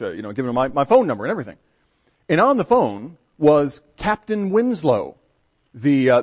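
A man's voice: mid-range voice, darkish tone, breathy edge. A Baptist pastor, a man, telling a story from the pulpit in a folksy, conversational way with frequent restarts. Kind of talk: storytelling sermon.

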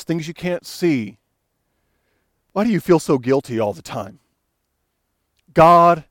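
A man's voice: a little high, no echo. A man preaching a sermon in an earnest, pastoral way, building to fervent emphasis as he quotes. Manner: earnest, rising to fervent emphasis when quoting.

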